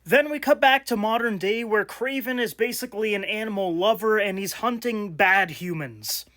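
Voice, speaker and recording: A young man giving a casual, animated movie review, exasperated and rambling with fillers. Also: high-pitched, moderate pace.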